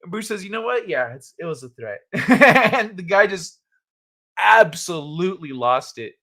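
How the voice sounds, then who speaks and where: On a late-night livestream, a man with a high voice chats casually with his viewers at a slightly slow pace. He laughs a lot and swears while retelling stories, quoting people in animated voices as he responds to the live chat.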